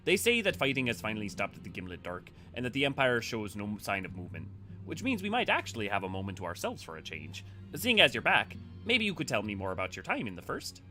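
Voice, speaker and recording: A man voices a cheerful, chatty young woman organizer from a fantasy game, with lively ups and downs in the pitch. She sounds eager and busy, and faint music plays behind her. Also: fast, heavily acted.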